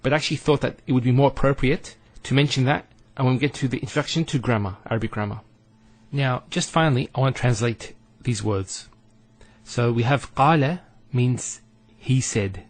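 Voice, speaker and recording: A man teaching a recorded Arabic lesson, speaking deliberately and drawing out vowels to show pronunciation. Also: medium pitch, dry recording.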